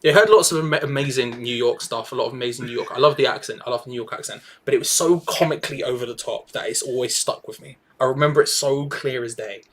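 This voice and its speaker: A young man co-hosting a football watch-along, chatty and teasing, telling animated stories. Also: medium pitch, quick pace, hardly any pauses. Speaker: co-host. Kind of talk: casual match watch-along chat.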